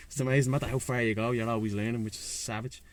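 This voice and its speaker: A man's voice: mid-range voice, level tone, very fast. Fired-up Dublin man swearing freely. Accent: Irish, Dublin. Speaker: guest, breathwork and sea-swim facilitator. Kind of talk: casual chat.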